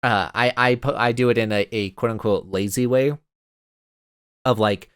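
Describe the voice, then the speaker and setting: A man's voice: medium pitch, steady tone, normal speed, a bit bright, smooth, no room sound, clean studio sound. A man co-hosting a podcast, a bit tired and yawning, rambling in casual chat with lots of fillers. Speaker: podcast co-host.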